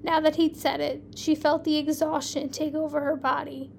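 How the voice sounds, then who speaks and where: A woman hosting a podcast, reading her fan fiction aloud in a plain, even storytelling way with small slips. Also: high voice, moderate pace, creaky, slight background noise.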